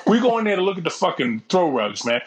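A man co-hosting a podcast, telling stories in a profane, animated, casual way. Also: high-pitched, quick pace. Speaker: podcast co-host. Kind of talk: casual storytelling chat.

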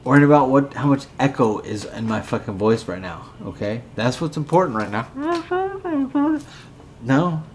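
A man's voice: medium pitch, expressive, moderate pace, a little hiss or hum. A drunk man hosting a podcast, rambling and swearing as he bickers with a co-host. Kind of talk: casual drunken rant.

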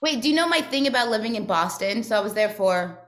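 A woman's voice: on the high side, fast. A woman in her forties chatting casually on a podcast, telling stories and acting out quotes. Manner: animated, storytelling with acted-out quotes. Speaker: guest. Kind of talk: casual chat.

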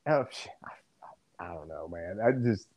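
Animated, profane man talking sports. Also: sits low, measured pace. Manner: profane, laughing, animated storytelling. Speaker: podcast host. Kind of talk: casual sports banter.

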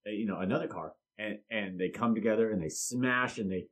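A man's voice: lowish voice, brisk. A middle-aged man hosting a casual chat, opinionated and blunt, often restarting his sentences.

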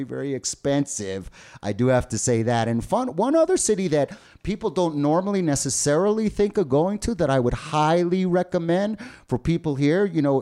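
Chatting on a bilingual podcast he co-hosts, this man from the United States speaks loosely, full of restarts and filler words. His voice is warm and medium-pitched.

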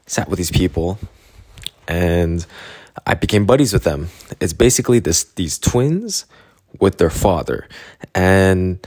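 A man's voice: deep voice, a little mellow, husky, dry recording, clean studio sound. A young man from Canada telling a rambling travel story in casual chat, laughing often and acting out the people he quotes.

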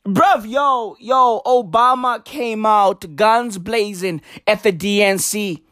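A man with doing a profane, animated comedy rant. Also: high-pitched, takes it slowly, few pauses, no room sound, studio quality. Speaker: commentator.

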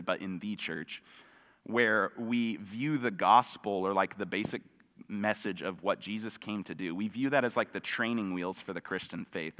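A man preaching a sermon in a relaxed, conversational way, with dry humor. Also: on the low side. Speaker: pastor. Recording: long reverb of a hall.

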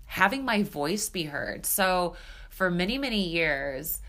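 A woman's voice: on the low side, lively intonation, slow pace, sharp tone. A woman hosting her own podcast, talking in a casual, reflective way and often filling with "like" and "you know.". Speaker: podcast host. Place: seated indoors recording.

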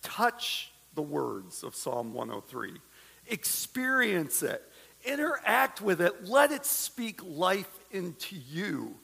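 Middle-aged male pastor, gravelly and husky, lively storytelling sermon, church hall reverb. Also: sits high, slow pace. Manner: animated storytelling with humorous asides.

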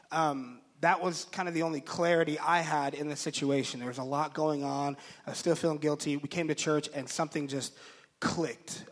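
A man in his thirties, a pastor telling a personal story from the pulpit, animated and acting out the voices of the people he quotes. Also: on the high side. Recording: long reverb of a large hall.

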